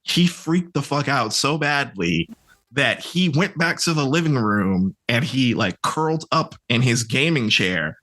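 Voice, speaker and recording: A young man guesting on a podcast, telling a story in an animated, profane way and laughing as he acts out what others said. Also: medium pitch, unhurried. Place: podcast recording.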